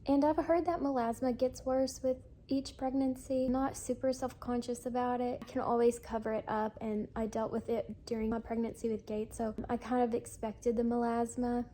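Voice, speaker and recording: A woman's voice: a little high, flat delivery, normal speed, hardly any pauses, mellow, a little hiss or hum. A young adult woman giving a candid, chatty update to her viewers in a casual vlog. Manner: candid, confiding, chatty with fillers. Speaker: vlogger.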